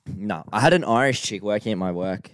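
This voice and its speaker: A man's voice: fairly low pitch, animated, a little fast, no room sound, studio quality. A young man with an Australian accent, co-hosting a podcast in a loose, rambling way with lots of fillers. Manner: laid-back, rambling with fillers. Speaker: podcast co-host. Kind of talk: casual chat.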